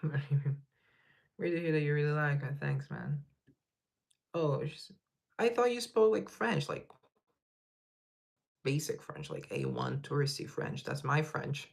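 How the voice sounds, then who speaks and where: A man's voice: mid-range voice, very animated, slow, vocal fry, long pauses. A man hosting a casual livestream, reading viewer comments aloud and rambling in a laid-back way, laughing at himself. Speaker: livestream host.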